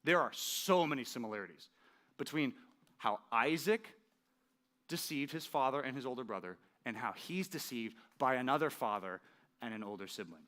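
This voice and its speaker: A male pastor preaching a sermon in a conversational, animated way, often checking in with the audience. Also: mid-range voice, moderate pace.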